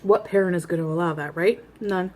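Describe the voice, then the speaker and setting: This casual tale comes from a woman vlogger in her thirties who eats, rambles bluntly about herself, and laughs at her own antics. She speaks a little fast in a lowish, somewhat mellow voice.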